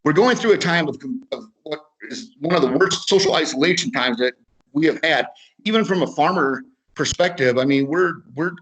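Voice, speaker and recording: A man's voice: a little high, lively intonation, normal speed, fairly bright tone, slightly rough, poor audio. A man with an Upper Midwest American accent giving a webinar talk, telling a story in a casual way, repeating words and acting out both sides of a conversation. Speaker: webinar speaker. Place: video webinar.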